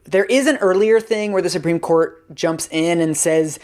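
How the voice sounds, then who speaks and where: A man's voice: on the high side, normal speed. A man co-hosting a podcast, explaining a history topic in detail in a casual, conversational way. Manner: explains at length in animated detail, laughing at the absurd parts.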